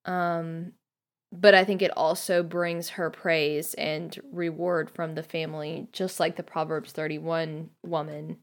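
Brief: a woman guest host, slightly low voice, reflective and unhurried, reading excerpts aloud. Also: little pitch movement. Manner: thoughtful, many ums, reads passages aloud. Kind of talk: podcast book discussion.

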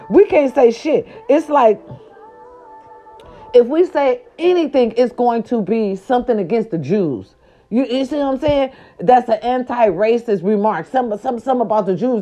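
A woman hosting a casual commentary show, ranting loudly with lots of profanity and slangy asides, exasperated and outspoken. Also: on the high side. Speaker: host. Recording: dull lo-fi sound.

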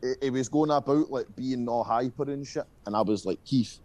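A man's voice: medium pitch, brisk, darkish tone. A young Scottish man telling stories from his school days in a casual interview, rambling and swearing, full of fillers. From Scotland. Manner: rambling, profane, with frequent fillers. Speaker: guest musician.

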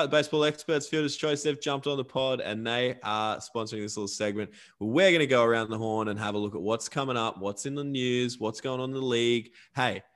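A man's voice: medium pitch, fairly bright tone. A man co-hosting a casual sports podcast, chatty and upbeat, reading sponsor plugs. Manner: upbeat, chatty, repeats catchphrases. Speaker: podcast co-host.

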